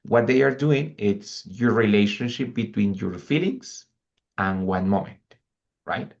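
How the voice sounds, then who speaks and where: Male language teacher, low gravelly delivery, repeats examples, muffled recording. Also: expressive, a little slow. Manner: patient, repeats example phrases and checks in with "right?" and "ready?". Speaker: English teacher. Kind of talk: online language lesson, mixing English and Spanish.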